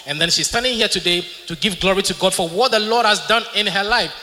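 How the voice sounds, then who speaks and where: A man interpreting a testimony for a church congregation in a measured, pausing way. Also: high-pitched, pushed and bright, big-room sound.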